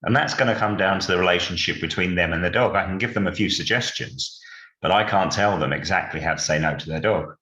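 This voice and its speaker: Male dog trainer, very low voice, measured explainer; echoey room. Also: pushed and bright. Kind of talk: casual podcast chat.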